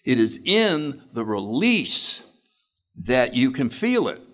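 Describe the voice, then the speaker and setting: A man speaking at a recovery meeting, telling stories in an animated way and acting out voices. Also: medium pitch, slow pace. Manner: animated, acts out voices, laughs often. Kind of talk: recovery talk storytelling.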